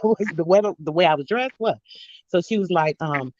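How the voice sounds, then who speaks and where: A woman's voice: on the low side, animated, fast, darkish tone, dry recording. A middle-aged woman hosting a radio talk show, talking in a heated, emphatic way and telling stories. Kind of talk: casual chat. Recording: dry, dull lo-fi audio.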